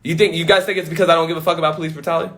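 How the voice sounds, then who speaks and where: A man's voice: a little high, very fast. A man on a casual livestream from home, talking emphatically and swearing freely into a phone. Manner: animated, profane, emphatic. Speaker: livestream host.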